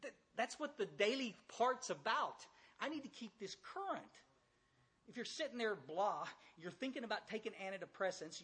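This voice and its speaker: A blunt older man with a drawl speaks to a large audience in a folksy recovery talk. His voice is husky and sits a little high for a man. He keeps repeating phrases and throwing direct questions out to the room. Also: a bit bright. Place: large room with a few hundred listeners.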